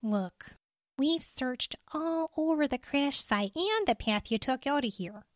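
A woman's voice: high-pitched, expressive, slow pace, dry recording, clean studio sound, pitched above the performer's own voice. A woman voicing a practical female forest ranger who talks in a wry, matter-of-fact way.

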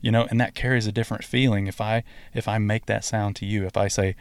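A man's voice: lowish voice, steady tone, quick pace, clean tone, no echo. A man hosting a spiritual podcast, talking casually with many fillers and restarts. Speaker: podcast host.

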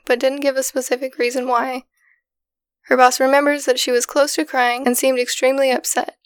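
A woman podcast host recounting a case in a steady, matter-of-fact way, in casual storytelling style. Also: high-pitched, smooth, no echo, studio quality. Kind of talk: casual true-crime storytelling.

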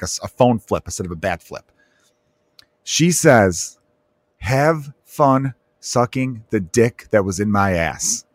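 Low-voiced profane comedian podcast host. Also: male voice, no echo. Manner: animated, profane, laughing storyteller. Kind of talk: casual comedic podcast monologue.

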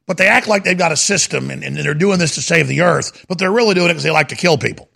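A man's voice: fairly high pitch, quick pace, vocal fry, bright, forceful tone. A man hosting a talk radio show, talking in an emphatic, rambling monologue that repeats itself. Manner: emphatic, repetitive, insistent.

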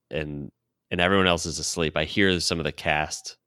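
A man casually telling a long personal story, laughing often, swearing freely and quoting himself in a low mutter. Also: steady tone, normal speed, sharp tone, clean tone, no room sound, studio quality. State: sore throat.

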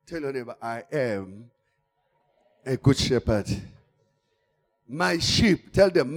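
A man preaching a sermon, swinging from quiet asides to shouted exhortation. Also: a little high, lively intonation, measured pace, long pauses. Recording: long church-hall reverb.

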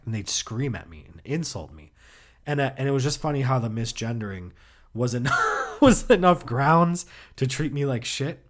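A man's voice: medium pitch, animated, moderate pace, dry recording, studio quality. A man hosting his own podcast, telling rambling, profane stories in a laid-back way. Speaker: podcast host. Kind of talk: casual comedic storytelling.

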